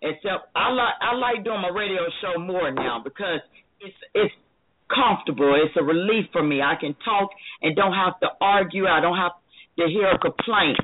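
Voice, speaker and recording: A woman's voice: fairly low pitch, moderate pace, a little hiss or hum. A woman hosting her own radio show, chatting in an earnest, candid way. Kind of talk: casual interview chat. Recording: phone-like, band-limited line.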